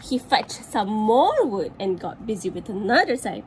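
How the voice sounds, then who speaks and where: In a low-quality recording with slight hiss or hum, a woman teacher from Malaysia reads a children's picture book at normal speed. Her medium-pitched voice swings widely in pitch as she chats to the young listeners about the pictures she's pointing at.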